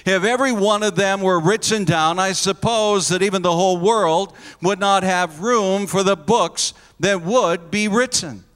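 A man's voice: high voice, unhurried, hardly any pauses, fairly bright tone, clear, resonant tone, long reverb tail. A pastor preaching a sermon to his congregation, earnest and emphatic, leaning on repeated phrases.

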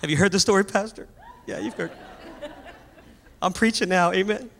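A man preaching a sermon, telling a story with animated energy and raising his voice at the high points. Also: normal speed, some chatter behind, slight background noise. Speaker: pastor. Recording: long hall reverb.

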